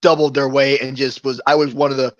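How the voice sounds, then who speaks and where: A man's voice: medium pitch, flat delivery, brisk, a bit bright, no echo, dull audio. A man chatting casually on a live show, telling long rambling stories and chuckling often.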